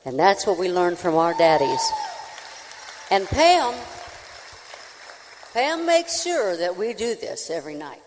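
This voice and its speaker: A woman, a country singer, telling a folksy, animated comic story on a live stage before an audience. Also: fairly low pitch, slow, long pauses, a faint crowd, a little hiss or hum. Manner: folksy, animated, with acted-out voices. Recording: reverberant live hall.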